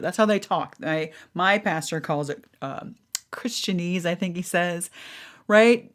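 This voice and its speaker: A woman's voice: lowish voice, unhurried. A middle-aged woman hosting a podcast, talking frankly and animatedly, swearing freely and acting out what others say. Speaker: podcast host. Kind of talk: casual talk.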